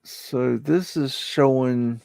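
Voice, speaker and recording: A man's voice: mid-range voice, takes it slowly, gravelly, darkish tone, no echo, clean studio sound. A man hosting a live show, talking through archive photos in a hesitant, rambling way, often muttering exclamations and swearing when something spooks him. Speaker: livestream host.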